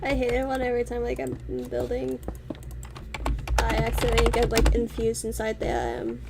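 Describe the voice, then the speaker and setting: Young woman gamer, high voice, rambling casual chat with swearing, desk mic with keyboard clicks. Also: big pitch swings, heavy background noise. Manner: rambling, halting storyteller who swears casually. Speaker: streamer playing a building game.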